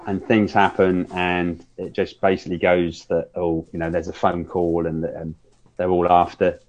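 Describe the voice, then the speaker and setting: A man's voice: low voice, little pitch movement, moderate pace, a little mellow. Male podcast host, rambling casual film chat, dull lo-fi sound. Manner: rambling, restarts often, acts out scenes in quotes.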